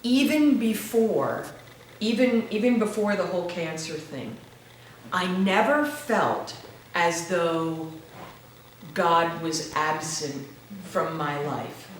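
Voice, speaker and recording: A woman giving a halting, earnest personal testimony in a church interview, often restarting her words. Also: fairly low pitch. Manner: slow and earnest, turning tearful when moved. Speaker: interview guest. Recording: very echoey room with faint noise.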